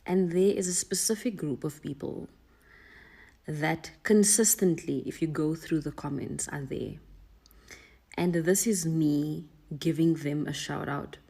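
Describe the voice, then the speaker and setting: A woman talking to the camera in a measured, thankful way. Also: deep voice, creaky, dark tone. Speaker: social media commenter. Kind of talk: casual talk to camera.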